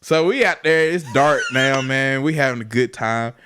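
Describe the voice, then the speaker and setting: A man's voice: medium pitch, normal speed, background noise. A young man, telling a profane, laughing story as a podcast co-host. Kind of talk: casual storytelling.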